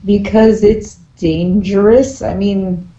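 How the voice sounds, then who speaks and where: A woman's voice: medium pitch, fairly even intonation, slow, mellow, lightly acted. A woman playing a worried, earnest adventurer. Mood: earnest worry. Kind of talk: tabletop role-play in character. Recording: dull, roomy amateur recording.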